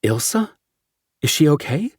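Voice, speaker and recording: A man's voice: a little high, sing-song, measured pace, a little mellow, slightly rough, no room sound, studio quality, voice pushed up, exaggerated voice. A man voicing an anxious woman in an audiobook, asking urgent questions. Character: anxious woman, worried for her partner.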